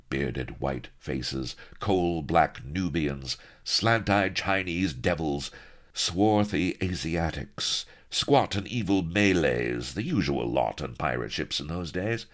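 Very deep voiced guy reading a story out loud, wry and droll. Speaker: audiobook narrator. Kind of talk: storybook narration.

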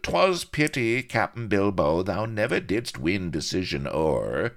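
A man putting on a sneering, high-pitched mock questioner. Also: very animated, unhurried, creaky, heavily acted. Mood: taunting. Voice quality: archaic mock-pirate speech, taunting.

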